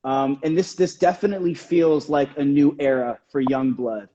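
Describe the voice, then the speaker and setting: A man's voice: on the high side, fairly even intonation, moderate pace, mellow, lo-fi sound, slight background noise. A man hosting a casual interview, friendly and full of fillers as he sets up his questions. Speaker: radio host. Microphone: phone on a video call.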